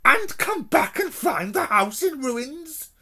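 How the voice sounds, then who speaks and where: A man voicing a fussy middle-aged woman who is snappish with others and doting with her son, in a high, frantic voice. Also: very animated, measured pace, heavily acted.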